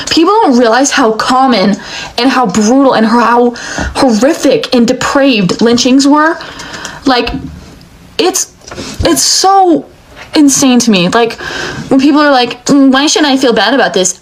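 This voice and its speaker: A woman's voice: on the high side, slight background noise, low-quality recording. A young woman giving an angry, emotional rant, swearing often. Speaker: commentator. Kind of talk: heated rant.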